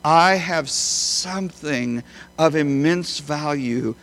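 A man preaching a sermon as a pastor, emphatic, swinging between loud high bursts and quiet low phrases. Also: takes it slowly. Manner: emphatic, with big swings in pitch and loudness.

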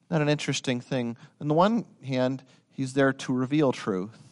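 A man preaching a sermon, swinging from quiet explanation to loud, rising dramatic passages and talking to his listeners directly. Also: medium pitch, moderate pace. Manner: addresses listeners as guys.

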